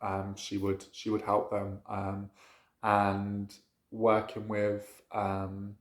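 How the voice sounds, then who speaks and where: A man's voice: fairly low pitch, monotone, extremely slow, roomy sound. A man talking casually to camera about his practice in a chatty, rambling way, with lots of fillers. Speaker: witchcraft vlogger.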